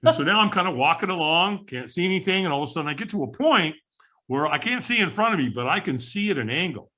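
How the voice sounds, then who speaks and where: A man telling his life story as a podcast guest, animated and acting out the voices of the people in it. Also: a little high, fast talker. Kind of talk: storytelling in casual interview.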